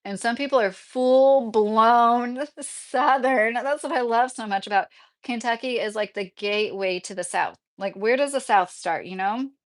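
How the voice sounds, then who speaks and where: A woman's voice: mid-range voice, brisk. A rambling, talkative woman in her thirties with a faint Midwestern accent, answering viewers on a casual livestream. She drifts from thought to thought and laughs often as she goes. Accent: slight Midwestern. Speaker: streamer answering viewer questions.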